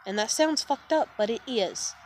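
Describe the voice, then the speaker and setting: Upset and stressed, a vlogger in her thirties swears often and sighs wearily as she vents her exasperation to viewers on camera. Her voice sits on the high side, expressive and darkish, at a moderate pace, with a little hiss or hum in the recording.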